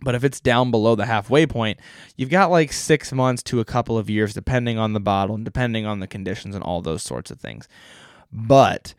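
Male podcast host, low and smooth, dry close sound, relaxed chatty delivery. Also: brisk, no echo. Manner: chatty, self-correcting, lightly joking. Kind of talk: casual solo podcast talk.

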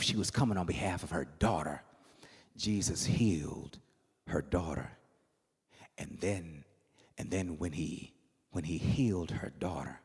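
A man preaching a sermon in a church, swinging from hushed murmurs to shouted, singsong phrases. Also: low-pitched, husky. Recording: long hall reverb.

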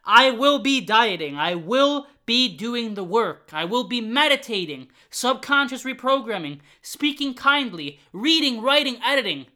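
A man's voice: extremely high pitch, big pitch swings, unhurried, hardly any pauses. A man hosting his own podcast, talking through his struggles in an earnest, uplifting monologue and repeating phrases for emphasis. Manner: grows loud and fired up at times. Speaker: podcast host.

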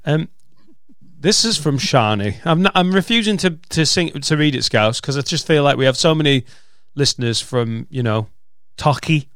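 A man co-hosting a podcast in casual chat, sweary, animated and teasing. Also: a little high, moderate pace, dry recording, clean studio sound. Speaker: podcast co-host.

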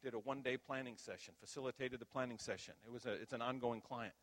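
A middle-aged man preaching a storytelling sermon, acting out quoted dialogue loudly and with animation. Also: mid-range voice, steady tone, quick pace.

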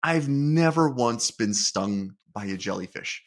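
A man co-hosting a podcast, telling a story in a relaxed, self-deprecating way. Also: mid-range voice, unhurried. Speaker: podcast co-host. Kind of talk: casual chat.

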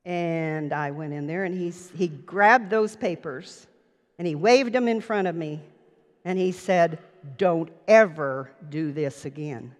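A woman preacher telling a personal story in an earnest sermon, recorded in a church sanctuary. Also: lowish voice. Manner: personal anecdote, earnest, slow. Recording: long reverb of a church hall.

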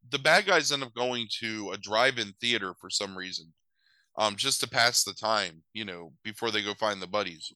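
A man's voice: fairly low pitch, sharp tone, clean tone, no echo, poor audio. A man recapping a movie in a loose, sarcastic chat, swearing casually and using many filler words.

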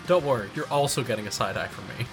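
A man's voice: medium pitch, fast, music in the background. A man co-hosting a podcast in casual chat, easygoing and teasing. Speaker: podcast co-host.

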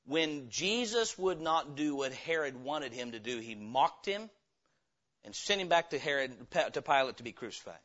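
A man preaching a revival sermon, emphatic, acting out dialogue with sudden swings between loud and hushed. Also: medium pitch, expressive, moderate pace, lo-fi sound.

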